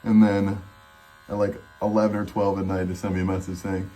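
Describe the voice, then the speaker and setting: A man's voice: low voice, level tone, fairly quick, warm tone. A young man telling a casual storytime vlog, acting out both sides of his phone calls. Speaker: vlogger.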